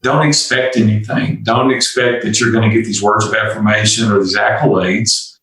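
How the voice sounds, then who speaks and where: A man's voice: fairly low pitch, fairly even intonation, normal speed, a bit bright, distant mic. An older man speaks earnestly and candidly, sharing personal stories and acting out bits of dialogue. His voice sits off-mic in a very echoey room. He sounds like a guest on an interview podcast. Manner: earnest, confessional, acts out dialogue. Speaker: guest entrepreneur.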